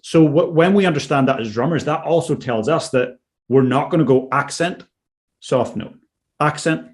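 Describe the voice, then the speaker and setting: A man's voice: mid-range voice, a little mellow. Enthusiastic male drumming co-host. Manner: enthusiastic, affirming. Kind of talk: conversational lesson.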